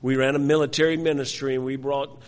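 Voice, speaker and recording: A man's voice: mid-range voice, flat delivery, fast. An older man preaching, telling a personal story with many restarts and repeated words. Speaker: pastor. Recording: long hall reverb.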